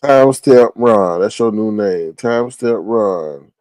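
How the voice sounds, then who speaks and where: A drowsy livestream host yawns through a casual chat, rambling, trailing off and restarting. He speaks slowly in a lowish, darkish voice, with no room sound.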